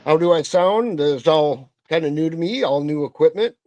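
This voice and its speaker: A middle-aged man with a Wisconsin accent hosting a casual livestream, halting and full of fillers and self-corrections. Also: a little high, animated, darkish tone, no room sound, dull audio. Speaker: host of a livestream.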